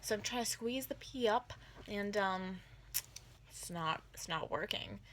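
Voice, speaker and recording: A woman's voice: medium pitch, a little slow, slight background noise. A woman telling an embarrassing story in a casual storytime vlog, rambling with lots of filler words. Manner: rambling, filler-heavy, animated retelling.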